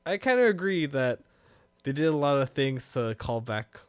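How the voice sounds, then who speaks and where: A man's voice: medium pitch, moderate pace, clean tone, no echo. A man co-hosting a podcast, chatting casually and animatedly, swearing freely. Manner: animated, swears freely, bursts into loud laughs. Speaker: podcast co-host. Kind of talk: casual chat.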